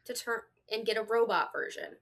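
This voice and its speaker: A woman co-hosting a podcast in loose, casual chat, breaking into laughter often. Her voice sits a little high and sounds bright and sharp. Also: fairly quick. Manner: laughs often between remarks. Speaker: podcast co-host. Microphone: home podcast microphone.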